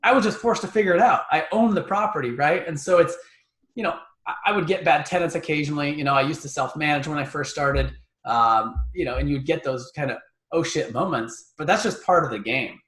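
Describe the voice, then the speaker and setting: A man's voice: on the high side, brisk, fairly bright tone. Man talking through stutters, echoey room. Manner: conversational, repeats words while thinking. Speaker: guest, real estate investor. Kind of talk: podcast interview.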